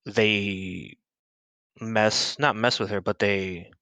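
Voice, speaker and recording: A man's voice: fairly low pitch, fairly even intonation, extremely slow, bright, forceful tone, dry recording. A man co-hosting a movie podcast, eagerly recounting scenes in casual chat. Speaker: podcast co-host.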